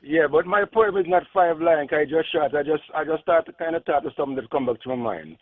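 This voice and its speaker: Raspy caller on a tinny phone line. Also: male voice, on the high side, fast, dry recording. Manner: earnest, rambling. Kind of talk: phone-in call.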